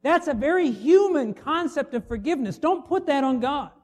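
High-pitched guy giving a sermon, chatty, keeps asking the crowd questions. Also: expressive, normal speed. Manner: conversational preaching with rhetorical questions. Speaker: pastor.

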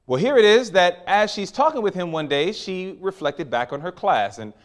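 Animated preacher with a lively voice. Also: male voice, high-pitched, normal speed. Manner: animated, storytelling with acted quotes and sudden loud peaks. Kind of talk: sermon.

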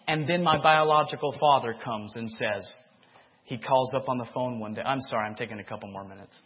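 Husky-voiced man giving impassioned testimony. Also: medium pitch, fairly quick. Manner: impassioned, repeats a refrain, seeks audience response. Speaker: preacher giving his testimony. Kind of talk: emotional sermon testimony. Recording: dull lo-fi sermon recording.

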